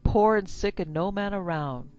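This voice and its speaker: A woman's voice: low-pitched, normal speed, creaky, a little mellow. Woman doing a sly, grinning looter soldier. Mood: mock-pleasant. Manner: drawling rural speech, mock-pleasant. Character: sly, greedy male soldier, grinning and rough. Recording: slightly dull lo-fi recording.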